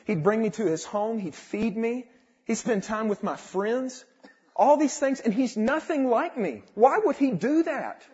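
A man's voice: very high voice, expressive, a little slow. Fervent young man giving a testimony. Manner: fervent, swings from quiet to exclaiming. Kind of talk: sermon testimony. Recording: dull lo-fi recording.

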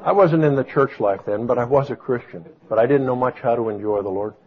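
A man preaching a sermon, swinging from booming exclamations to soft storytelling. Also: a little fast. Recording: dull lo-fi sound.

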